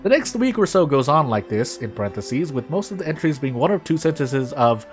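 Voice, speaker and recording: A man's voice: on the high side, huge pitch swings, normal speed, hardly any pauses, soft background music. A man playing a video game, casually reading its text aloud with offhand asides. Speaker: game streamer. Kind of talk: let's play commentary reading game text.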